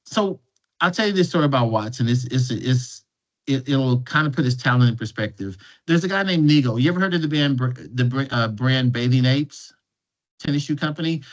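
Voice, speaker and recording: A man of middle pitch tells stories as an invited guest, talking in a loose, conversational way. He often stumbles and restarts a phrase before going on. The recording sounds dull and lo-fi. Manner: restarts and repeats words while telling a story. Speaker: guest speaker. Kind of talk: conversational storytelling.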